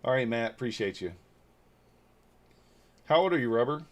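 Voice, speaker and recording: Expressive in a mid-range voice at a moderate pace, a Northeast Georgia man in his forties hosts a trading livestream. He responds aloud to viewer comments in casual chat, his manner blunt and loose with mild swearing.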